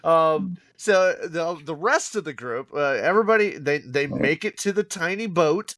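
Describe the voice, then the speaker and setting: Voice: medium pitch, lively intonation, moderate pace, fairly bright tone, dry recording. A podcast co-host animatedly retelling a bad movie's plot in casual chat, acting out the characters and swearing freely.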